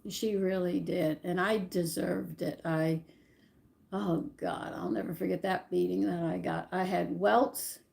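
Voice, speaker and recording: An older woman telling family stories from her childhood in a rambling, animated way, often stopping to correct herself. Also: fairly low pitch, unhurried, vocal fry. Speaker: channel host. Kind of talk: personal storytelling.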